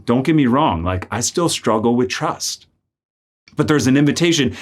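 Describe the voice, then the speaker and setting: A young man, a friar, speaks at an ordinary middle pitch in a loose, conversational reflection. He peppers his talk with "like" and slips into the voices of the people in his story. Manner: conversational, many "like" fillers, acts out quoted voices. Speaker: friar and priest. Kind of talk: spoken reflection with personal story.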